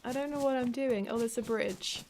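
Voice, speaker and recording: A woman's voice: fairly high pitch, normal speed, darkish tone, a little hiss or hum. An English woman live-streaming a game, chatting casually, laughing often and swearing freely. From England. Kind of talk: casual live-stream chat while gaming.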